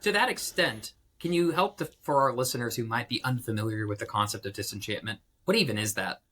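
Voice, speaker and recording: A man's voice: medium pitch, fast, bright, forceful tone, slightly rough. A man co-hosting an interview podcast, asking a question while often rephrasing himself on the way. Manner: searching for words, rephrasing. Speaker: podcast co-host.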